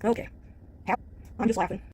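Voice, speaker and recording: A woman's voice: a little slow, darkish tone, no echo. A woman vlogger in a casual video, dismissive and defiant, laughing off the complaints against her. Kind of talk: casual vlog rant.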